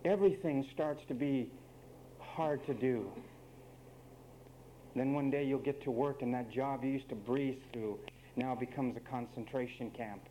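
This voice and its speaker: A man's voice: mid-range voice, unhurried, highs cut off, slight background noise. A man preaching a sermon, emphatic and wry, speaking straight to the men and women of his congregation.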